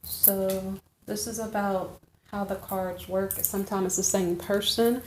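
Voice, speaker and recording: A woman's voice: mid-range voice, fairly even intonation, a little slow, a little mellow, a little hiss or hum. A woman giving a chatty, rambling tarot reading, checking in with "okay?" between asides. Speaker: tarot reader. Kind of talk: casual tarot reading monologue.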